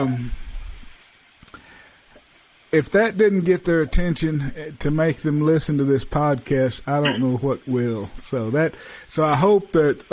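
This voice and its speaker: A man hosting a podcast interview, rambling and halting with many restarts. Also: a little high, darkish tone, rough recording. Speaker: podcast host. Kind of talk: casual interview chat.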